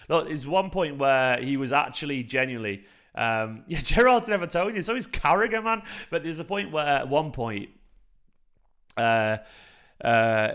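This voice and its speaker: A young man from South Manchester with a light Manc twang talks through a live stream in a loose, rambling way. He swears freely and fills gaps with "like" and "um", sitting at a middling pitch for a man. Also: clear, resonant tone. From South Manchester, England. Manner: rambling, animated, swears freely, frequent fillers. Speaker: football fan channel host. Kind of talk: casual live-stream chat.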